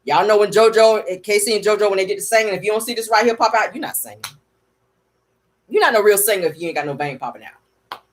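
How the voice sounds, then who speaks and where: A woman's voice: mid-range voice, animated, fast. A woman hosting a casual comedic livestream, sassy and chatty, calling her viewers honey and y'all. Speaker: livestream host.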